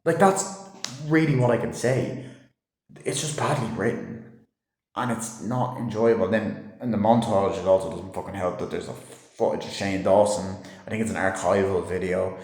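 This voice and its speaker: A man talks through a film in a loose, rambling way, cursing often and circling back on his own points. His voice sits fairly low. The sound is roomy, with plenty of reflection from the walls around him. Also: normal speed, darkish tone. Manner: loose and rambling, swears a lot, many fillers. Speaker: movie reviewer. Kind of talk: casual rambling movie review. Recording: roomy echo.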